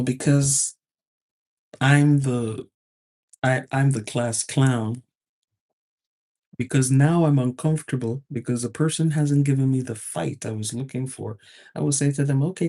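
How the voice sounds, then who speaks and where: A woman with a warm, mellow voice telling a story from her working life. She talks in an animated way, often slipping into the voices of the people she describes. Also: rumbling low, unhurried, long pauses. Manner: animated, acts out quoted exchanges. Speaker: advice host. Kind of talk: storytelling talk.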